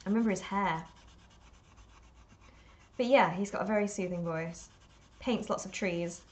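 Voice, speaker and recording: A woman's voice: medium pitch, measured pace, a little mellow. Woman painting live on stream, rambly, talks to herself a lot, self-deprecating, giggly. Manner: rambling, self-talking, laughs often, self-deprecating. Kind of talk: chatty live-stream commentary while painting.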